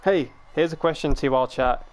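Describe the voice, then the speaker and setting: A man's voice: a little high, fairly quick. A man live-streaming a game, chatting casually with his viewers, joking and swearing freely, often repeating words as he thinks.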